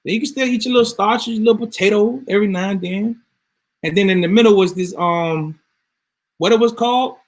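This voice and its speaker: A man's voice: high-pitched, brisk. A man ranting casually to his viewers, emphatic and swearing freely. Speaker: vlogger. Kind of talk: casual rant to camera.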